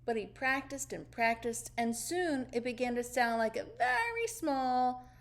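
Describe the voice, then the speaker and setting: A woman reading a children's storybook aloud in an expressive, sing-song way. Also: fairly high pitch, a little slow.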